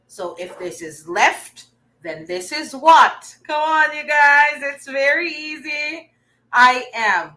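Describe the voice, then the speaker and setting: A woman's voice: mid-range voice, sharp tone, low-quality recording. A young Filipino woman teaching an online reading lesson, coaxing and praising her students as she goes. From Philippines.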